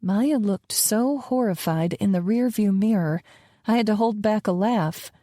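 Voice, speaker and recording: A woman narrates a romance audiobook in the first person with a calm, measured delivery. Her voice is warm and mellow, recorded dry with no room sound. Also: mid-range voice, no room sound.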